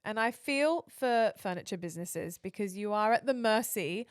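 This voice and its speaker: A woman's voice: medium pitch, lively intonation, moderate pace, smooth, no echo, clean studio sound. A woman around forty, a podcast co-host telling a story casually and animatedly, swearing freely.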